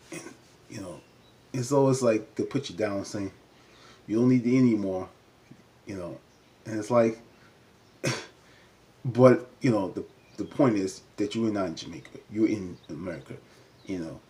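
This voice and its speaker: Chatty man with a low, mellow voice. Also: moderate pace, pauses often. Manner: chatty, many "you know" fillers, jumps up in pitch to act out quotes. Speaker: reality TV recap vlogger. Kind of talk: casual recap commentary.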